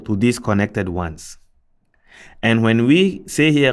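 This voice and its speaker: Guy teaching arabic letters, lowish voice, real slow, repeats every syllable carefully. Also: expressive, a little mellow. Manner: measured, repeats syllables slowly and deliberately. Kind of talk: slow step-by-step pronunciation lesson.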